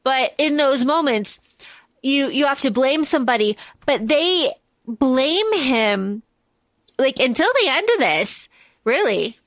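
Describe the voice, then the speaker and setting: A woman co-hosting a podcast, recapping a book plot in a lively, casual way with some swearing. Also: sits high, slow pace, dry recording. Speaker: podcast co-host.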